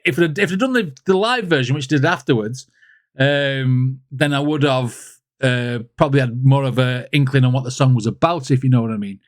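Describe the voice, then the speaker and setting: A man's voice: mid-range voice, a little fast, no room sound, studio quality. A man hosting a music reaction video, chatting casually and rambling, with lots of fillers.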